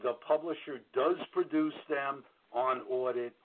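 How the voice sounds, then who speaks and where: A man's voice: medium pitch, unhurried, slight background noise. A man with a New York accent, a royalty auditor giving frank, blunt advice to a caller on a call-in show, with lots of fillers and restarts. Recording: tinny phone-like radio audio.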